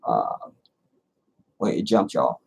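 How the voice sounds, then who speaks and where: With a very deep, gravelly, slightly rough voice and a slow delivery, this livestream host reads out chat comments and responds bluntly, swearing freely. He tells stories in an animated way.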